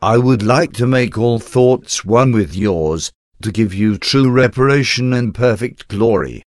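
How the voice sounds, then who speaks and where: A man giving a slow, solemn, reverent devotional prayer reading. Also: medium pitch, no echo, studio quality. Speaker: devotional reader.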